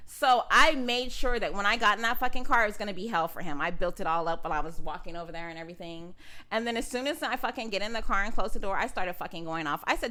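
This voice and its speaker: A woman's voice: fairly high pitch, quick pace. A woman in her thirties co-hosting a podcast, telling stories in casual chat with lots of profanity. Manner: profane, animated storytelling. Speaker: podcast co-host.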